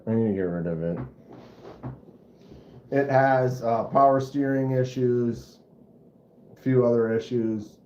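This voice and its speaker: A man hosts a relaxed livestream, telling meandering stories and acting out engine sounds along the way. His voice sits in a roomy space and comes through a little dull and muffled. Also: medium pitch, slight background noise. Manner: rambling, animated storyteller who mimics engine sounds. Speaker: livestream host. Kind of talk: casual livestream chat. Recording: roomy, slightly dull home stream audio.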